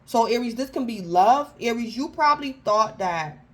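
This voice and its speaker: A woman with a fairly high, animated voice gives a casual tarot reading at a normal pace, though the audio quality is poor. She's chatty and informal, using slangy phrasing with frequent restarts, and she keeps addressing her listener by calling out their star sign by name.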